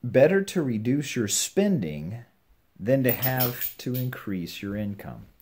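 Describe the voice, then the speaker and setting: An older man giving earnest, measured advice on scripture to his children and grandchildren at home. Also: mid-range voice, sing-song, a little mellow, a little hiss or hum. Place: home with a puppy nearby.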